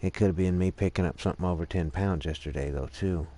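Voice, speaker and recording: A man's voice: deep voice, quick pace, mellow. A man casually chatting to his viewers during a game stream, rambling and swearing freely about his sore arm. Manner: profane, rambling, talks to chat and his dogs. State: sore right arm, stretching. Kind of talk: casual gaming stream chat. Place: home, dogs barking nearby.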